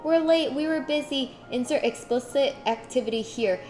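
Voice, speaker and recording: A woman streamer in casual chat, reading chat aloud and acting out little voices with a giggly, animated manner. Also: high-pitched, normal speed, faint music behind.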